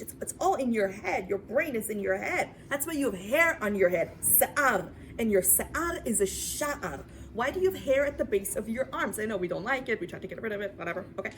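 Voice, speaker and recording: Animated, dramatic woman lecturer. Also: fairly high pitch, a little hiss or hum. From New York. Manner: dramatic, swings from loud to whispered; repeats words for emphasis. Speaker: Torah lecturer. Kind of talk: lecture to a women's class.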